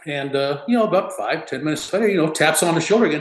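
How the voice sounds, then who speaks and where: A man in his fifties, a retired relief pitcher, telling old stories as a guest in a casual rambling way full of "you know" and chuckles. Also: lively intonation, fast, echoey room, rough recording. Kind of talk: casual storytelling interview.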